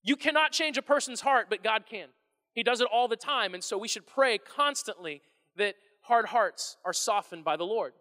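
Bright-voiced male pastor preaching in reverb. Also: high-pitched, normal speed. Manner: animated, conversational, restarts phrases. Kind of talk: sermon.

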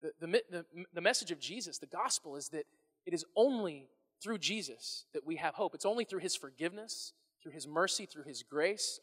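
A man preaching a sermon as pastor, animated and conversational, often restarting his phrases. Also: a little high, husky, long reverb tail.

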